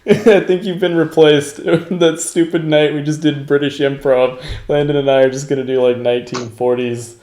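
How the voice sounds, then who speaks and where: A man's voice: a little high, steady tone, moderate pace, few pauses, warm tone, roomy sound. A man hosting a casual chat, teasing the others and laughing often.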